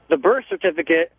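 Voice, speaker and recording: A man calling in to a radio talk show, speaking in a hesitant, halting way with lots of fillers, heard over a muffled cell phone line. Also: on the high side, a bit bright, slightly rough, dry recording. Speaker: caller.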